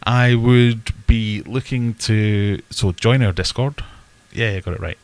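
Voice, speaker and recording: A man's voice: on the low side, fairly even intonation, slow, a little mellow. A man hosting a casual livestream, chatting in a rambling, self-deprecating way and answering viewer questions. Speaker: livestream host. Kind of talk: casual live chat. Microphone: desk webcam setup.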